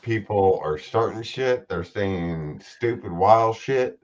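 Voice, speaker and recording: A man with a very low voice talking bluntly and with toughness in a casual podcast chat. His sound is dull and muffled next to the others. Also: takes it slowly, darkish tone. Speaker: podcast co-host.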